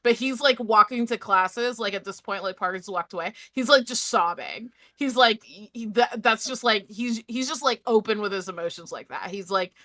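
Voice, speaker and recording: Bright, rambling woman player. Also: medium pitch, normal speed, hardly any pauses. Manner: rambling, many "like"s. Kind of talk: tabletop game play.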